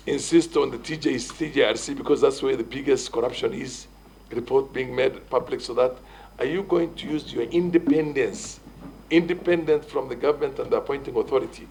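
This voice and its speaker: A man's voice: medium pitch, a little fast, a little mellow, a little hiss or hum, rough recording. A man with a Kenyan English accent, a committee member pressing a nominee with formal, repeated questions.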